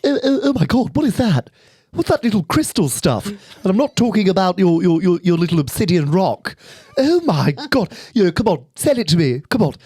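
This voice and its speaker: A Welsh man voicing a posh, scheming cartoon baby boy in a prim, clipped, high voice. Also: very animated, normal speed, a little mellow, husky, no room sound, clean studio sound, full character voice. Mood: eager. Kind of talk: comic impression.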